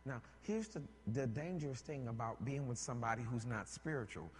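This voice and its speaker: A man preaching a sermon, animated and joking, rising to shouts at times. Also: mid-range voice, brisk, long reverb tail, a little hiss or hum.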